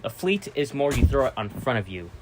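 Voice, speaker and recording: A man chatting casually as a vlogger, excitable and rambling, with restarts and sudden loud outbursts. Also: mid-range voice, a little fast, slight background noise. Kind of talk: casual vlog chat.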